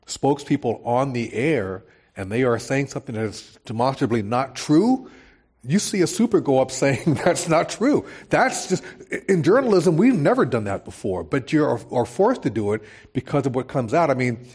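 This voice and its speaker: A man speaking as a journalist on a live panel, animated, his voice rising when he makes a point. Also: mid-range voice, normal speed, slightly rough. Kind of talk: panel discussion.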